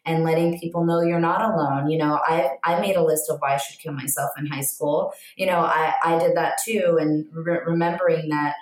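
A woman who works as an empowerment coach, speaking as a podcast guest in a reflective, soft-spoken way. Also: low-pitched, steady tone, moderate pace, hardly any pauses, roomy sound, low-quality recording. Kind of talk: candid podcast conversation.

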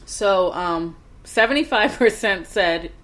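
A woman, co-hosting a podcast in casual chat and telling animated stories. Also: mid-range voice, takes it slowly. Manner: animated storytelling, laughing, quoting her daughter. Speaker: podcast co-host.

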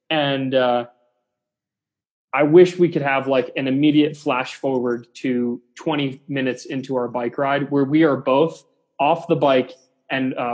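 Guest man, coach, husky voice, rambling storyteller who acts out quotes. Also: mid-range voice. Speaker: CrossFit coach, podcast guest. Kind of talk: casual chat.

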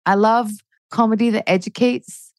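A woman's voice: a little high, steady tone, normal speed, no echo. A woman in her forties, a comedian chatting as a podcast guest, swearing freely and ranting with rising energy. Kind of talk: casual chat.

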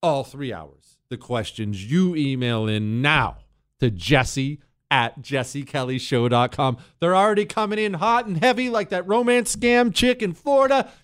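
A man's voice: on the high side, lively intonation, unhurried, a bit bright, clean tone. A man hosting a call-in radio talk show, brash and joking as he talks.

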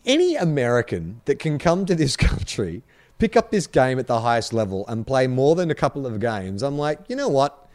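A man co-hosting a casual sports podcast, chatty and animated, quick to laugh. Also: mid-range voice. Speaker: podcast co-host.

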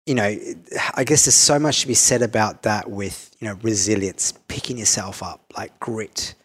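A man's voice: on the low side, fairly even intonation, moderate pace, fairly bright tone, husky. An Australian man from Perth, a business owner, talking reflectively in an interview with many fillers and restarts.

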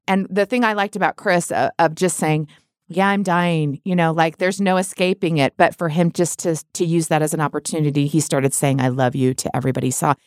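A middle-aged woman with a low voice talks candidly in a podcast conversation. Her tone is reflective and open, and it rises sharply when she acts out other people's words. The sound is close and dry. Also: steady tone, brisk, dry recording. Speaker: guest.

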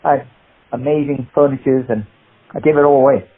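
A man telling animated, rambling stories in an interview. His voice is husky and comes through a thin, phone-like line. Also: medium pitch, a little fast. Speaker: guest, martial arts actor. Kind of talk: anecdotal interview chat.

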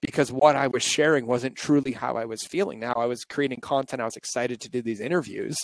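A man's voice: medium pitch, brisk, creaky, no echo, low-quality recording. A male podcast host talking openly and reflectively in a candid conversation, his voice shaky and close to tears. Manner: open, reflective, confessional.

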